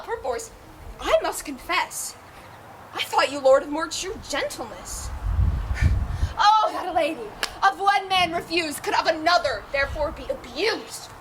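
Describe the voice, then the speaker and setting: A woman's voice: very high-pitched, exaggerated voice. A woman playing Helena, a lovesick noblewoman. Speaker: stage actor. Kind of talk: outdoor Shakespeare stage acting. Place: outdoor town square. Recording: outdoor performance with background noise.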